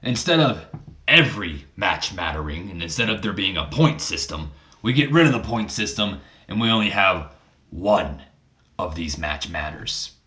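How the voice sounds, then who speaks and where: A man's voice: low voice, expressive, normal speed, bright, forceful tone. A man voicing a smug, scheming older company boss. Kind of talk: acted dialogue in a wrestling game playthrough.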